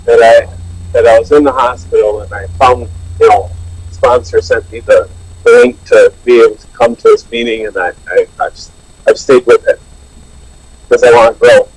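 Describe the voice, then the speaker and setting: A man's voice: medium pitch, fairly even intonation, normal speed, slightly rough, dry recording, low-quality recording. A man earnestly sharing his recovery story at a support meeting, with many restarts. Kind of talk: personal recovery share. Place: online meeting.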